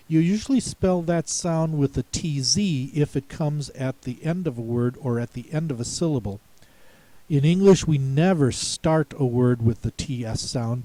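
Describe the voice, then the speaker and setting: A man teaching a spelling lesson, speaking slowly and deliberately, pausing to repeat words and spell them out. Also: mid-range voice, mellow. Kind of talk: slow explanatory lesson.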